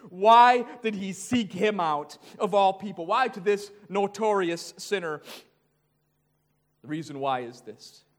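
A man with a high voice preaching a sermon. He swings between hushed, low asides and loud, raised passages, with an animated delivery.

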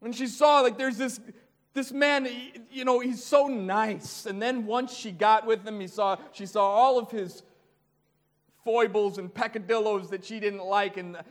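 High-pitched guy preaching, goes from quiet low bits to loud raised bits. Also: unhurried. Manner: animated, swings between hushed low asides and loud raised passages. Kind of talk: sermon.

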